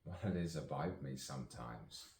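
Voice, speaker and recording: This actor-poet's voice rumbles low with vocal fry and a slightly mellow quality, moving at a moderate pace. He improvises spoken-word verse in a musing, playful mood with chuckles between lines, and the sound is roomy, as if picked up from afar.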